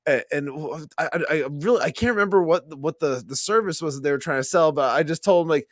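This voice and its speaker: A male podcast co-host telling stories in a chatty, halting way, full of restarts. His voice is a little higher than most men's. It is recorded dry and close, with no room echo. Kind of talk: casual podcast chat.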